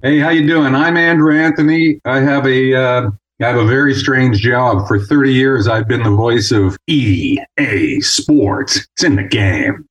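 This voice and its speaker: A man's voice: mid-range voice, a little slow, few pauses, rough recording. A middle-aged man from Canada, a voice-over artist chatting as a guest and telling stories, sometimes slipping into comic voices. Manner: storytelling, slips into comic voices. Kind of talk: casual interview chat.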